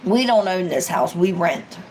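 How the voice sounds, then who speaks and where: A woman's voice: lowish voice, animated, a little slow, a little mellow, slight background noise, poor audio. A woman, an ASMR vlogger, chatting casually and rambling on a live stream, acting out quoted lines as she goes.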